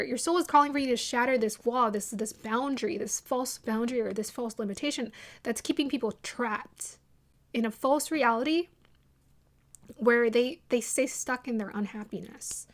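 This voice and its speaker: A woman with a slightly high voice talks casually through a tarot reading. She rambles loosely, restarts her sentences and laughs at her own sense of drama. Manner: restarts sentences often, many fillers. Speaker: tarot reader.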